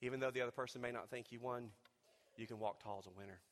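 A man preaching a sermon as pastor, dropping to hushed low talk and rising to loud, fervent peaks, often repeating words as he builds. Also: steady tone, fast. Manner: repeats and restarts words when fired up. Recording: long reverb of a large hall.

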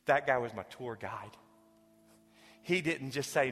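A pastor preaching a sermon in a large church sanctuary, earnestly pleading and at times dropping to a hushed whisper. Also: male voice, mid-range voice, expressive, a little slow, long pauses, breathy edge. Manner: earnest, building to fervent appeals, drops to hushed whispers. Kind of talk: sermon with altar call. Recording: long hall reverb with faint music.

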